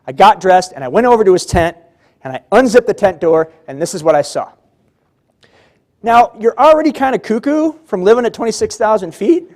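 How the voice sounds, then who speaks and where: A man giving a motivational keynote speech at a civic luncheon, telling his story vividly and acting out the dialogue. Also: high voice. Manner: vivid, dramatic storytelling that acts out the quotes. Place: large banquet hall.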